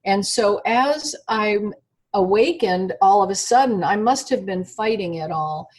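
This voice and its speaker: A woman being interviewed over an internet call, telling a personal story in an animated, halting way with many fillers and restarts. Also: mid-range voice. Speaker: interview guest.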